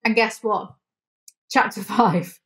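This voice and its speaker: A woman's voice: medium pitch, slow, a bit bright. A young woman with a British accent reads a novel aloud and tears it apart with sarcastic asides. Her voice sits in a middle register. She swears freely and slips into mock voices for laughs. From United Kingdom. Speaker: book review YouTuber. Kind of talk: comedic book recap, reading aloud.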